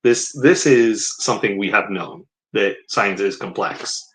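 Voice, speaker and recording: Speaking a little slowly on a low-quality recording, a man with a lowish, fairly bright voice reads from a book and mocks what it says. His sarcastic, casual commentary keeps wandering into rambling asides.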